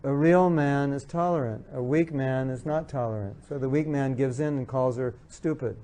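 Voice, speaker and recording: A man with a warm, medium-pitched voice speaks at a normal speed, earnestly lecturing an audience about marriage. It's a spiritual talk with audience questions, where he repeats his key points and imitates what spouses say.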